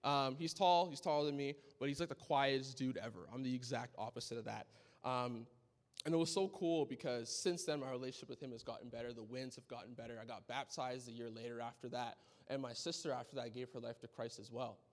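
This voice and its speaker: A young man giving an earnest personal testimony at a conference, telling his story with animated energy and often checking in with "right?". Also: mid-range voice, fairly quick. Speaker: conference speaker. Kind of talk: testimony talk. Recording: long hall reverb.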